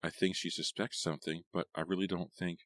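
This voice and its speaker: A man voicing a timid teenage girl who speaks softly and stammers. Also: low-pitched, little pitch movement, fairly quick, dry recording. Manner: soft, stammering. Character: timid teenage girl, hesitant and soft-spoken.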